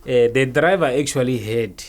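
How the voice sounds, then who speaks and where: A man recounting a story as an interview guest in a lively, casual way, often checking that the listener follows. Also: medium pitch, moderate pace.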